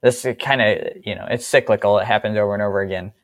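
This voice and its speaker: A man's voice: lowish voice, steady tone, fast, no echo. A man co-hosting a casual Bible-study discussion in an easygoing way. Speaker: co-host of a faith discussion.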